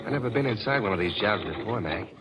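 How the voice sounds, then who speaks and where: An actor playing a brash, wisecracking American army sergeant, in a 1940s radio drama. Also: male voice, lowish voice, lively intonation, quick pace, lightly acted. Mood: gruff. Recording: old radio recording with faint hiss.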